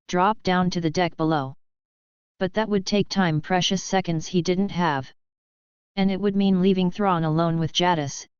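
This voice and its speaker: A woman narrating a fan fiction story in a steady, even reading voice. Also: lowish voice, clear, resonant tone, no room sound, lo-fi sound.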